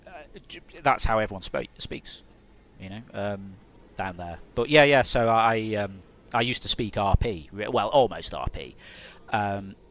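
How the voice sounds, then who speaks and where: Chatty English game developer on stream. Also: male voice, on the low side, expressive, measured pace, a bit bright. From Hertfordshire, England. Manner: chatty, rambling, self-mocking. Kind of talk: casual live-stream chat.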